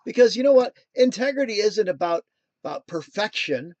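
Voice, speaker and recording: A man's voice: high voice, animated, normal speed, darkish tone, dry recording, muffled recording. A man hosting a casual motivational talk, drifting into playful jokey asides before coming back to his point. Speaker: motivational show host.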